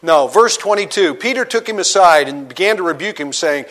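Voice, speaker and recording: A man preaches with a fairly high voice, moving between reading scripture and casual retelling. He often sinks his voice low and soft to press a point home. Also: lively intonation, fairly quick. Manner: expository preaching, reads scripture aloud and paraphrases it conversationally; dynamic delivery, drops low and quiet for emphasis. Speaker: pastor. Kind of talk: sermon.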